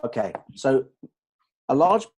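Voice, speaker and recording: A man explaining communication ideas to colleagues in an animated way, checking that they follow. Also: mid-range voice, slow, breathy edge, dull audio. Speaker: dental communication trainer. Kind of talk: explanatory discussion.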